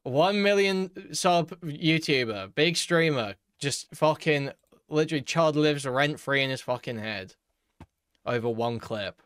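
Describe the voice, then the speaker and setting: A man's voice: a little high, expressive, unhurried, a bit bright, clear, resonant tone, no echo, studio quality. A man hosting casual reaction commentary, mocking and incredulous with heavy swearing. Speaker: commentary host.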